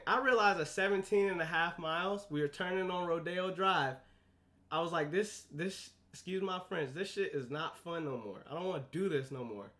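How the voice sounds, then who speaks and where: A young man hosting a podcast, telling a story in a casual, animated way, acting out the quoted lines and swinging between loud and hushed. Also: on the high side. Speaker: podcast host.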